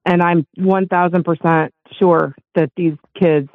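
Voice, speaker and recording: A woman's voice: fairly low pitch, fairly even intonation, unhurried, no echo. Emotional older woman on a tinny phone line. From Los Angeles. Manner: emotional, earnest, gushing. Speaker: caller. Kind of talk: call-in radio chat.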